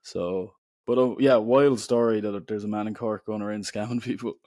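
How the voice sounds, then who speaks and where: A man's voice: fairly low pitch, moderate pace, no room sound. Irish guy in his 20s or so, easygoing storytelling, dry close sound, lots of "like"s. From Ireland. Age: young adult. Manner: relaxed, chatty, many "like" fillers. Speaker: podcast guest, writer. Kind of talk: casual storytelling.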